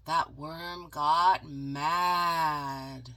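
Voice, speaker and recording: Lady reading a kids story real slow, brightish lowish voice, dramatic pauses and little asides. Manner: animated, dramatic pauses, chatty asides to viewers. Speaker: channel host reading a picture book. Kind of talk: storybook read-aloud with asides.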